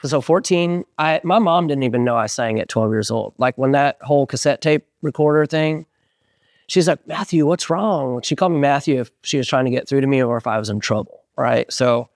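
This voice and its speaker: A man in his forties, a band singer, telling stories in an animated way as an interview guest and acting out the voices of people he quotes. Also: medium pitch, fairly quick, dry recording, clean studio sound. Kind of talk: casual storytelling interview.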